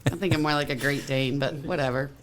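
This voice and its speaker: A woman's voice: rumbling low, fairly even intonation, quick pace. A woman with a Kentucky accent, a distillery co-founder telling stories in a blunt, teasing way and laughing often. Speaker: distillery co-founder, podcast guest. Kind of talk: casual storytelling chat.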